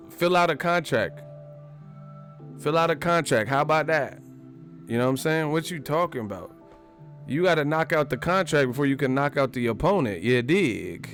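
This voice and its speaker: A man's voice: mid-range voice, fairly bright tone. A man hosting a boxing vlog, who talks in a brash, slangy and profane way. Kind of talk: casual, brash commentary.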